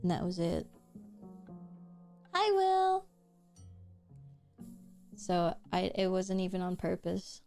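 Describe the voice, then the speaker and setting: A woman's voice: fairly low pitch, monotone, normal speed, few pauses, mellow, faint music behind. A woman streamer chatting casually with her viewers while drawing, answering chat, giggling often and swearing offhandedly.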